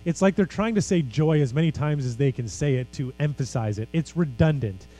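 A man's voice: a little high, lively intonation, brisk, warm tone, faint music behind, poor audio. A man preaching a sermon as pastor, earnest and emphatic, with casual conversational asides.

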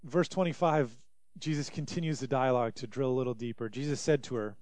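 A man's voice: medium pitch, fast talker, a little mellow, no room sound. A man preaching a sermon as pastor, in an earnest, emphatic way.

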